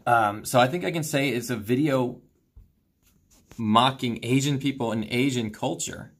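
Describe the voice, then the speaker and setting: A man co-hosting a stream, commenting casually and reading forum posts aloud with quick asides. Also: mid-range voice, husky. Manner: animated, quick, reads quotes in asides. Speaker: streamer co-host.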